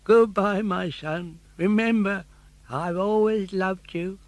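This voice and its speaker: A man's voice: high voice, fairly even intonation, no room sound, voice pushed up. An older actor voicing a frail, weary old woodcarver father in an audiobook. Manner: quavering, sad and slow.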